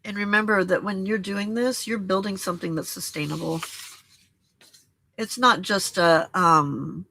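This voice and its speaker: A woman hosting a journaling and crafting challenge, talking to viewers in a gentle, encouraging, reflective way and often checking in with "okay?". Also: mid-range voice, fairly even intonation, measured pace. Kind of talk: reflective casual talk to viewers.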